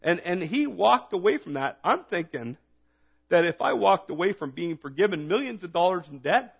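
A man preaching a sermon in a relaxed, conversational way, reading scripture and retelling it in his own words. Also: high-pitched, normal speed, vocal fry, breathy edge. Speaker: pastor. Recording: dull lo-fi recording.

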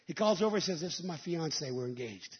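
A male evangelist preaching a sermon, telling stories and rising into emphatic shouted peaks. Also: on the high side, lively intonation, fairly quick, muffled recording.

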